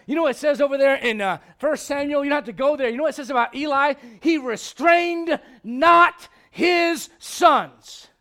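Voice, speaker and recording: A male pastor preaching a blunt, confrontational sermon, swinging from loud outbursts to hushed intensity. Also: very high voice, rapid-fire, hardly any pauses.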